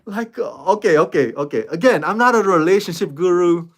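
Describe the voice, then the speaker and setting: A man hosting his own online reaction channel, talking casually to camera in a loose, animated way, with lots of fillers and restarts. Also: sits high, normal speed. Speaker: YouTube reaction host.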